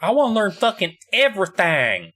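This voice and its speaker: A man voicing an excited twelve-year-old boy apprentice, pitched well above his own voice. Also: moderate pace, exaggerated voice. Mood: eager. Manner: excited, wide-eyed.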